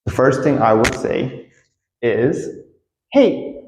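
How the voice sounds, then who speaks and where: A man teaching a casual English lesson, repeating example phrases with lively acted-out intonation. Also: mid-range voice, a little slow, echoey room, in a large hall, slight background noise, low-quality recording.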